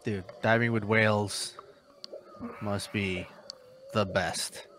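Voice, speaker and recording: A man's voice: on the low side, steady tone, takes it slowly, a bit bright, slight background noise. A man hosting a casual reaction video, dry and exasperated with his co-host.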